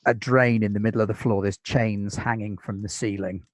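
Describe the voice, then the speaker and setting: A British man runs a tabletop game, laying out scenes in an easygoing, descriptive way and filling gaps with ums. His voice sits on the low side and is recorded dry and close, with no room around it. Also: fairly even intonation, normal speed, dry recording, low-quality recording. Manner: easygoing, descriptive, with many fillers. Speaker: game master.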